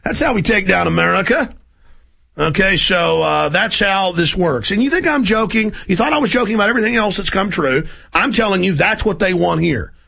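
A middle-aged man hosting a radio talk show, ranting intensely and rapidly in a conspiratorial tone. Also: high-pitched, animated, vocal fry, bright, forceful tone, husky.

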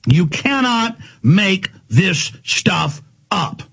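A man hosting a talk radio show, ranting angrily in a heated monologue with a gravelly, husky voice. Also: sits high, big pitch swings, fairly bright tone. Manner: ranting, angry, rapid-fire. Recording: dull lo-fi broadcast audio.

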